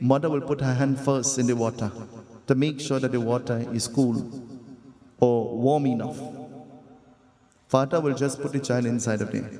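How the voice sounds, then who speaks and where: Brief: male preacher, mellow and a little high, storytelling sermon in a reverberant hall. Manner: rhetorical questions to the audience.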